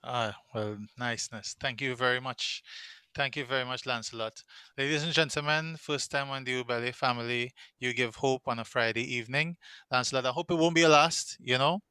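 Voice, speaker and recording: A man's voice: medium pitch, steady tone, fairly quick, sharp tone, clear, resonant tone, no room sound. Playful teasing man as host, dry close sound. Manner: playful, teasing, repeats himself. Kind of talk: hosting an online show. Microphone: video call.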